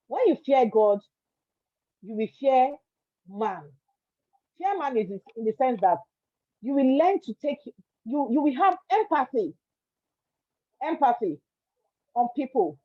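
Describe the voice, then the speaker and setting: A woman's voice: fairly high pitch, no echo, dull audio. A Nigerian woman, a guest entrepreneur, telling her story in an interview, earnest and emphatic, repeating words for stress.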